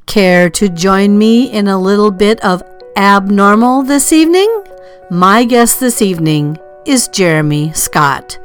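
A woman hosting and producing a podcast, introducing her guest with bright, upbeat welcomes and drawn-out name announcements. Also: medium pitch.

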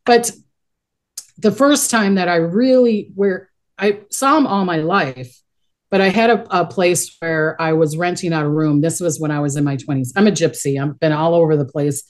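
A middle-aged woman talks in a low register, her stories rambling and chatty. She restarts sentences often and keeps a casual interview tone. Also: normal speed. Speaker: guest, psychic medium.

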